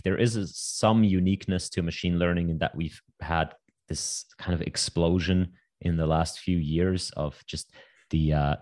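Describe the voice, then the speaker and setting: A man with a very low voice, chatting as a guest on an interview podcast. He talks fast and wryly, piling on asides and little jokes. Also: darkish tone. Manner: quick, wry, full of asides. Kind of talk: casual interview chat.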